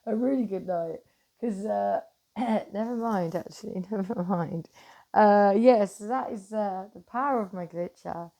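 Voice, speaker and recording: A middle-aged woman chatting casually to camera, animated and swearing freely, swinging from loud bursts to hushed asides. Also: mid-range voice, a little slow, gravelly. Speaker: vlogger.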